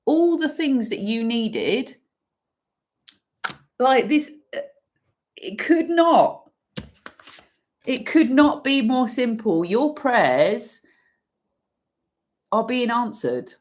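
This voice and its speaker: A woman giving an intuitive tarot energy reading, emphatic and swearing freely, pausing and restarting as she pulls cards. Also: a little high, sing-song. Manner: pauses and restarts while pulling cards. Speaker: tarot reader.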